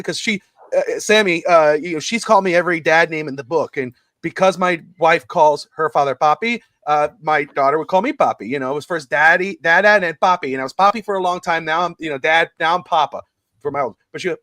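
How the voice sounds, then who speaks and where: A middle-aged man hosting a casual live sports talk show, rambling and excitable and laughing often as he talks. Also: fairly high pitch, fast talker, no echo, studio quality.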